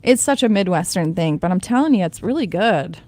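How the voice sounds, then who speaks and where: A woman's voice: on the low side, animated, fairly quick, a little mellow. Woman, radio morning host, chatty, laughs often, studio mic. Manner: chatty, reads items aloud with frequent laughter. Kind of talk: casual radio banter. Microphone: studio microphone.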